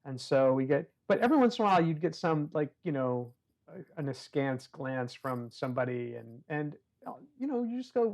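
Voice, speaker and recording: A man talking as a podcast guest in a relaxed storytelling way. He leans on fillers, acts out other people's voices and slips in wry, self-deprecating humor. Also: a little high, normal speed. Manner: chatty, many "you know" fillers, acts out quoted voices. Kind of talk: casual conversational storytelling.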